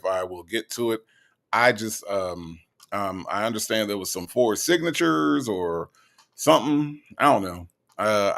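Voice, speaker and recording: Gravelly, animated livestream host. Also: male voice, fairly low pitch. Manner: animated, playful, teasing. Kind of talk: casual livestream chat, greeting viewers.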